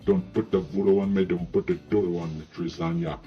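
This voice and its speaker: A man's voice: sits low, fairly even intonation, a little fast, lightly acted. A man voicing a laid-back, rude male ghost in a put-on Jamaican accent, drawling and swearing. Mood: cocky. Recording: dull lo-fi sound with guitar music.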